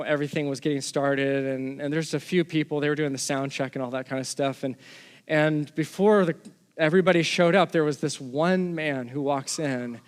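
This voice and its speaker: A man's voice: on the high side, clean tone, big-room sound. A man from Texas, a pastor giving a sermon in a conversational storytelling way, often restarting his phrases.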